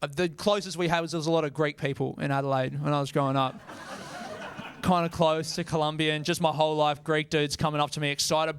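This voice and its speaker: A man's voice: fairly high pitch, little pitch movement, brisk, smooth, dry recording. An Australian man performing stand-up comedy, casual and self-mocking, with frequent swearing.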